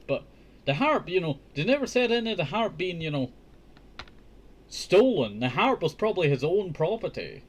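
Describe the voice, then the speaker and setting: A man hosting a casual storybook reading, breaking off into chatty, joking asides. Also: medium pitch. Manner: chatty, joking asides, says "I tell you" often. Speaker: host reading a children's book.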